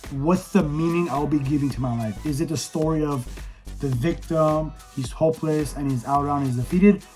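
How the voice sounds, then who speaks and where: A young man with a hoarse voice talking candidly to camera, blunt and swearing freely as he reviews an event. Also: fairly high pitch, normal speed, a little mellow, faint music behind. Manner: blunt, profane, fired-up. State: hoarse from yelling. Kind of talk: casual candid monologue.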